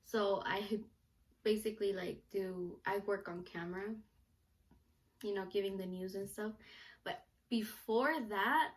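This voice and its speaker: Speaking at a measured pace in a medium pitch, a young adult woman does a casual Q&A vlog to camera. Her delivery is bubbly, packed with "like" and "you know." She works as a vlogger and student reporter and is from the US, with Mexican parents.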